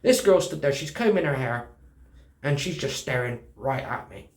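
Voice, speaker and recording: A British man tells a personal story in casual conversation, animatedly acting out the dialogue and swearing freely. His voice is mid-range, his pace normal, and the room sounds echoey.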